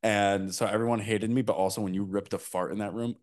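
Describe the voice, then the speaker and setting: A man's voice: on the low side, fairly even intonation, quick pace, a little mellow. A man from New Jersey hosting a casual podcast, telling stories in a blunt, profane way. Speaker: podcast host.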